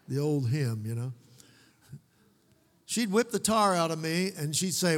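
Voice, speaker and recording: A man preaching a sermon as pastor, folksy, with joking asides and slow, emphatic repetition of key words. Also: fairly high pitch, lively intonation. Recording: long hall reverb.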